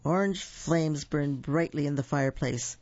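A man's voice: fairly high pitch, a little slow, a little mellow, highs cut off. A man reading a picture book aloud, adding playful asides as he tells the story.

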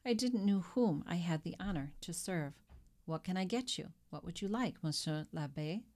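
A woman's voice: on the low side, lively intonation, moderate pace, darkish tone, natural voice. A woman reading an audiobook and voicing an eager, ingratiating male innkeeper who fusses over a guest. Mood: obliging. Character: fawning, flustered male innkeeper, middle-aged. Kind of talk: audiobook character voice.

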